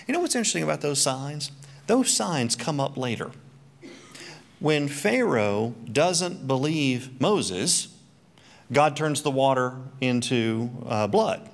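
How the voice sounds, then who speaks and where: Middle-aged male Bible teacher, animated pitch, quips at his own expense mid-lesson. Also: slow, vocal fry. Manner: joking, self-mocking asides. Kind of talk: church teaching talk.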